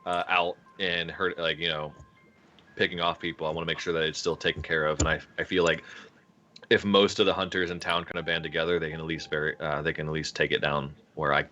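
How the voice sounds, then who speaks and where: A man's voice: rumbling low, level tone, a little fast, bright, forceful tone, dull audio, a little hiss or hum. A man playing his character in a tabletop game, earnest and meandering with filler words. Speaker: player.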